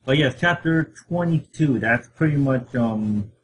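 A man co-hosting a casual manga chat, speaking haltingly and repeating words as he searches for what to say. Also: mid-range voice, animated, slight background noise, rough recording. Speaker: podcast co-host.

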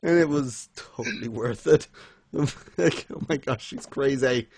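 A man's voice: medium pitch, unhurried, vocal fry, a little mellow, slight background noise. A man chatting casually on a podcast, recapping a manga chapter with frequent laughter and enthusiasm. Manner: giggly, enthusiastic, laughs often while recapping. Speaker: podcast co-host. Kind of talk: casual manga review chat.

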